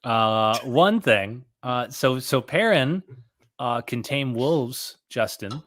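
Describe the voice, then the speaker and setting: Joking, halting male podcast host. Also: mid-range voice, animated, fairly bright tone. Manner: halting, joking, many fillers. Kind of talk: casual chat.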